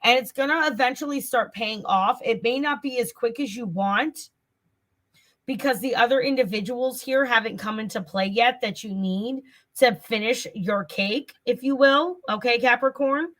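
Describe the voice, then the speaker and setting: A chatty woman with a Southern US accent hosts a casual tarot livestream, talking straight to her viewers and circling back over her words. Her voice sits on the higher side. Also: normal speed, fairly bright tone. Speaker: tarot reader and channel host.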